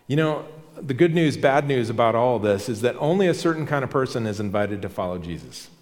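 A man's voice: fairly low pitch, a little mellow, long reverb tail. A man preaching a sermon as pastor, conversational and emphatic, repeating key phrases.

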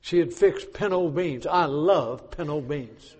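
A man preaching a sermon in a church, swinging between forceful declarations and hushed asides. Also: fairly high pitch, a little slow, breathy edge, long reverb tail.

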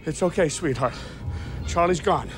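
An actor playing a troubled middle-aged father in a thriller film, low and tense, pleading when frightened. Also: moderate pace, soft background music, close to an everyday voice. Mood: soothing. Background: film score.

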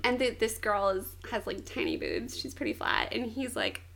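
A woman's voice: a little high, moderate pace, gravelly. A young woman in casual chat, animatedly recapping an anime plot with lots of "like" and giggles. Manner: animated storytelling, frequent "like", giggly.

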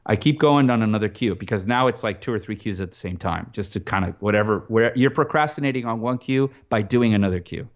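Man, low voice, rambling, lots of restarts, muffled lo-fi sound. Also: fast talker, hardly any pauses. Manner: rambling, animated, many restarts and fillers. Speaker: film composer guest. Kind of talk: casual interview talk.

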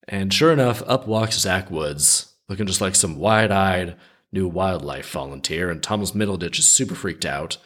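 A man's voice: sits low, lively intonation, brisk. A man hosting a podcast, retelling a story in a chatty, conversational way. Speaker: podcast host.

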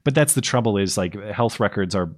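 A man with a cold co-hosting a podcast, talking in a measured, hedging way about politics. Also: lowish voice, animated. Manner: measured, hedging, laughs along. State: has a cold. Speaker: podcast co-host. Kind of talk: casual political chat.

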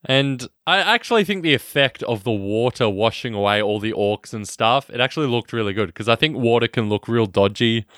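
A man co-hosts a casual film podcast. His pitch swings widely as he talks, and he laughs a lot. The sound is dry and close, with no room echo. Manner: animated, laughs often, does quick voices. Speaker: podcast co-host.

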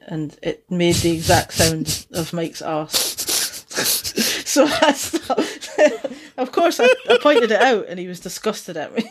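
A woman's voice: on the low side, a little hiss or hum. A woman with a Dundee Scottish accent, tinged with Geordie, co-hosting a casual chat podcast and laughing often. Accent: Dundee Scottish with Geordie mix. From Scotland. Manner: laughs often, chatty and swearing. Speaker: podcast co-host.

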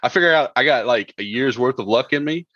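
A man's voice: medium pitch, animated, fast, pushed and bright, dry recording, lo-fi sound. A man hosting a casual podcast over a video call, joking and laughing often as he talks. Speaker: podcast host.

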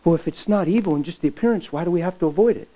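A pastor preaching a sermon with stories, impassioned and folksy, swinging from loud to hushed. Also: male voice, a little high, rapid-fire, lo-fi sound. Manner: folksy, plain-spoken. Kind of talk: sermon with storytelling.

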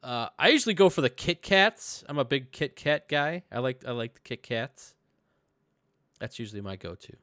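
A man hosting a casual fantasy football podcast, animated and laughing often, repeating himself as he talks. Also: mid-range voice, moderate pace, no echo, clean studio sound. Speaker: podcast host.

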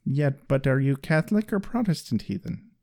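A man co-hosting a podcast and recapping a show in casual chat, with crude jokes and quick put-on voices. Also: medium pitch, very animated, gravelly, dark tone. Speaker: podcast co-host.

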